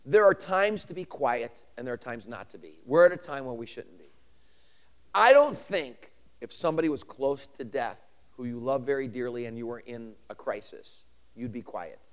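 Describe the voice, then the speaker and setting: A man preaching a sermon with swings from shouting to hushed asides and laughs between points. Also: mid-range voice, very animated, moderate pace.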